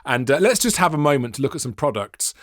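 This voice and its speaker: A British man co-hosting a casual podcast, enthusiastic and quick to laugh and jump in. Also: medium pitch, sing-song, a bit bright, dry recording, studio quality. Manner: enthusiastic, giggly, quick interjections. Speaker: podcast co-host.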